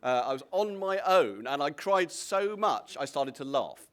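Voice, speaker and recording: A man's voice: a little high, big pitch swings, unhurried, fairly bright tone. Rambling, reflective Englishman telling stories. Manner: rambling, self-interrupting, reflective. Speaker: guest comedian. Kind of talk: relaxed conversational anecdote.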